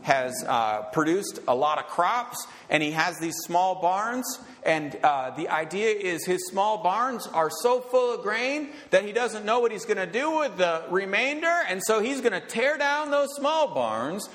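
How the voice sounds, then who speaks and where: A man's voice: high-pitched, big pitch swings, measured pace, few pauses, fairly bright tone. A male pastor giving an emphatic sermon, often asking rhetorical questions and checking in with "okay?". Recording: long reverb of a large hall.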